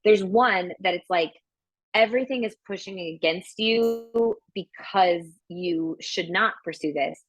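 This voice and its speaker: A woman's voice: mid-range voice, a little slow, no echo, poor audio. A young woman hosting a podcast, talking in a casual chatty way full of fillers and restarts. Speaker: podcast host. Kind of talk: casual chat.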